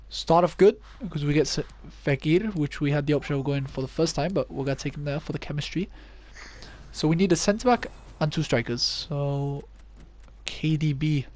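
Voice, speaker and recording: A man's voice: on the high side, a little mellow. A young man giving casual gameplay commentary, thinking aloud and poking fun at himself. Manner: chatty, thinks aloud, self-mocking. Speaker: gaming YouTuber.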